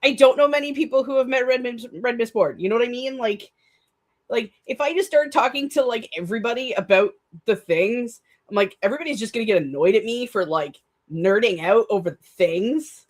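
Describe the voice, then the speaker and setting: A young woman chatting casually on her live stream, excitable and rambling, with frequent restarts and laughter. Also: fairly high pitch, brisk. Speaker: streamer hosting a write-with-me stream.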